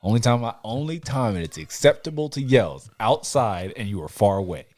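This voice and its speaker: A man hosting a casual podcast chat, telling animated stories with frequent laughs and casual swearing. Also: mid-range voice, a little fast, no echo. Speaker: podcast host.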